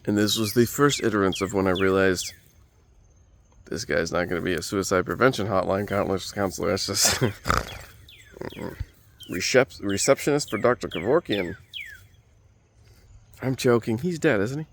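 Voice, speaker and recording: A man's voice: lowish voice, moderate pace, long pauses, a bit bright, a little hiss or hum. A man who is a comedian telling a rambling, self-mocking story, with frequent digressions and profanity.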